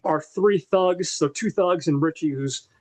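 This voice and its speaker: A man's voice: fairly high pitch, unhurried, a little mellow. A man co-hosting a podcast, animatedly retelling a movie plot in a casual, profane way with lots of fillers. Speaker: podcast co-host.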